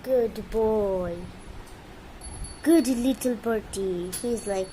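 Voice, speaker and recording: A woman's voice: high-pitched, lively intonation, slow, slight background noise, poor audio. A woman filming her pet bird at home on a handheld phone, cooing at it and scolding it in baby talk. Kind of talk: casual phone vlog talking to a pet. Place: indoors at home with a fan on.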